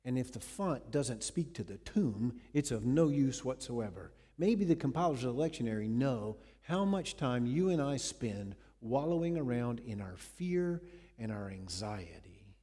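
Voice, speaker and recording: A man preaching a sermon, retelling scenes dramatically with sudden swings between loud and hushed delivery. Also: mid-range voice, lively intonation, unhurried, husky, in a large hall. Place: church.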